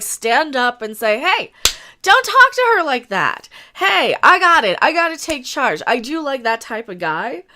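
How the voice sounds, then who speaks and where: Woman host, ranting livestream talk, blunt and fairly high, bright tone. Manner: ranting, blunt, quick asides. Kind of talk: casual opinion livestream.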